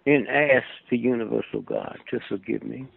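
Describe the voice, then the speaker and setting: Gravelly older man preaching down a phone line. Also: medium pitch, steady tone, normal speed. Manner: preachy, asks "Hmm?" for agreement. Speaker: guest. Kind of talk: rambling storytelling monologue. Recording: phone-line radio call.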